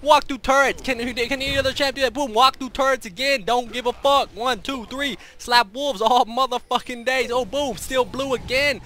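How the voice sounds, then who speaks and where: Brash trash-talking young man, high bright voice. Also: steady tone, normal speed, few pauses. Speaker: streamer. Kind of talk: boastful gameplay commentary. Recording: faint background noise.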